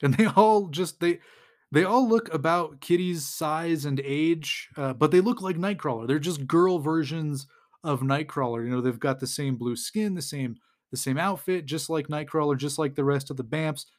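A man's voice: fairly high pitch, moderate pace. A man who hosts a podcast, casually recapping a comic book in a rambling way, chuckling and acting out the dialogue.

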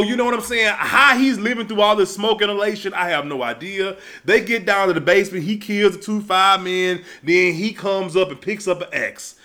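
A man, hosting and ranting casually and comedically about a movie, profane, with shouted outbursts. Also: high voice, vocal fry.

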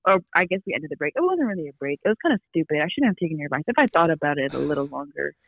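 A woman's voice: low voice, very animated, rapid-fire, gravelly, husky, dry recording, highs cut off. A young adult woman, a podcast guest, telling a long personal story in casual chat, full of "like"s and quoted asides. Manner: rambling storyteller, many "like"s.

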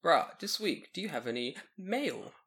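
A man co-hosting a laid-back podcast, bright and a touch high in tone. He tells stories animatedly, with big pitch swings and plenty of swearing. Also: moderate pace, slightly rough. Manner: swears a lot, animated storytelling with silly voices. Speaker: podcast co-host. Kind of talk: casual podcast chat.

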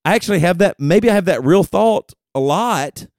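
A man's voice: high-pitched, normal speed, no echo, clean studio sound. A man co-hosting a casual podcast chat, telling stories and acting out his own inner voice. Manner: animated storytelling, acts out his own inner voice. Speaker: podcast co-host.

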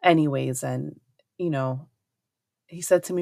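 A woman's voice: sits low, unhurried, creaky, dark tone, dry recording, studio quality. A woman hosting a podcast, telling a personal parenting story in an earnest, reflective, conversational way that often asks "right?". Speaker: podcast host, homeschooling parent.

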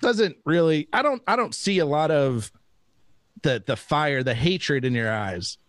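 A man's voice: on the high side, expressive, a little slow, no room sound. A man co-hosting a podcast in casual chat, easygoing and amused. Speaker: podcast co-host.

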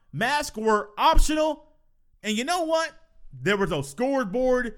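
A man with a fairly high voice hosts a solo sports podcast. He tells his stories in a loose, chatty way, laughing and repeating himself. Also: fairly bright tone. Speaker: podcast host.

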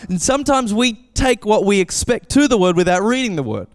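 A man preaching a casual, animated sermon as pastor, acting out voices when he tells a story. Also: high voice, fairly quick, long reverb tail. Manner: animated, acts out voices in anecdotes. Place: church.

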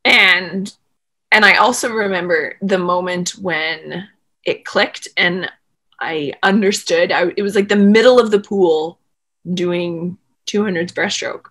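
A woman being interviewed, telling a long story in casual, animated talk full of "like" fillers. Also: fairly low pitch, slow pace. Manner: animated, rambling, frequent "like" fillers. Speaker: interview guest, former swimmer.

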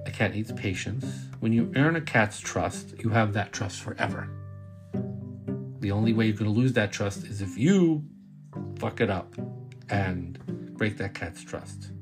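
Middle-aged male host from Brooklyn, low voice, relaxed wry personal storytelling over guitar music. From Brooklyn, New York. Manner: casual, wry, sometimes swears. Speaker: podcast host.

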